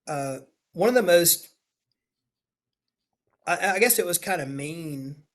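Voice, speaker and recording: A middle-aged man speaks in a slightly higher pitch than most men. He is a state senator recounting a personal story as a guest, in an earnest, confessional way, acting out the dialogue he quotes. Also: lively intonation, slow pace. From Louisiana, USA. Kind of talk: personal storytelling in a podcast interview.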